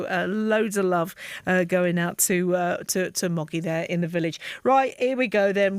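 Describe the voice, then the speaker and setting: A woman's voice: medium pitch, no room sound. A woman hosting a radio phone-in, chatty and affectionate with her callers. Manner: affectionate, chatty, calls people darling. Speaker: radio presenter. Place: radio studio.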